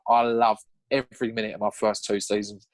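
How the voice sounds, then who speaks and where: A young man telling his story in a casual podcast chat, animated and swearing now and then, acting out what he said back then. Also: fairly low pitch, fast, no room sound. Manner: animated, acts out his own past lines in a raised voice. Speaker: podcast guest.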